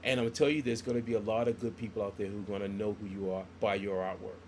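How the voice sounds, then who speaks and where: Talking rapid-fire in a lowish voice, a middle-aged man who draws comics spins stories on a casual podcast. He performs the lines he quotes like an animated storyteller, and a little hiss or hum sits under the recording.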